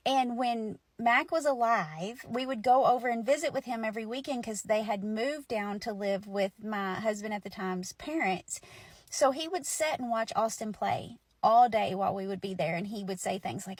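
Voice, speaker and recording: A woman's voice: a little high, normal speed, no room sound. A woman in her forties telling a personal story in a chatty, emotional way, with lots of fillers. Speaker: storyteller host.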